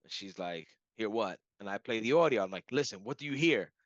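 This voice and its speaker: A man telling a personal story in a casual, animated way, full of "like" and "you know". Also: on the low side, fairly quick, no echo. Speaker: client giving a testimonial. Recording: dull lo-fi audio.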